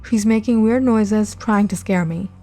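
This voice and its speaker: A woman's voice: medium pitch, a little slow, natural voice. A woman narrator voicing an anxious little boy who blurts things out. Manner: nervous, blurting. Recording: loud music behind. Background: music.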